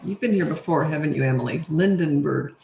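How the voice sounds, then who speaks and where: A woman's voice: low voice, fairly quick, vocal fry, warm tone, a little hiss or hum. A woman who is a parenting coach, chatting casually and rambling on a live stream, laughing often. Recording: echoey room.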